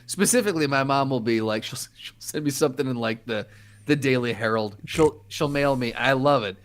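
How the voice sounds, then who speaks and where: A man co-hosting a podcast in casual chat, with quick agreeing interjections and wry asides. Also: medium pitch. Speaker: podcast co-host.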